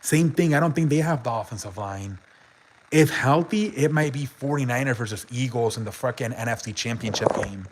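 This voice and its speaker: A man's voice: medium pitch, fairly quick, slight background noise. A man hosting a casual sports live stream, reading chat messages aloud and rambling about football with frequent swearing and restarts.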